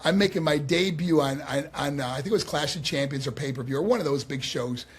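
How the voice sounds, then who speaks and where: A man in his sixties from New York, a guest on a podcast, telling animated stories and acting out the quotes. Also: fairly high pitch, quick pace, breathy edge. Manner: animated, acts out quotes, laughs often. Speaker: guest, former pro wrestler. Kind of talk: storytelling in a podcast conversation.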